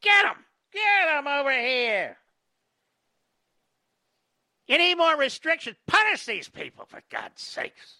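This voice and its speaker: A shrill, frenzied mob jeerer, put on by a man who shouts for punishment with mocking glee. The voice is pushed far up and swings wildly. It sounds bright and cutting in a dry, close room. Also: huge pitch swings, unhurried, creaky, no echo, exaggerated voice. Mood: jeering.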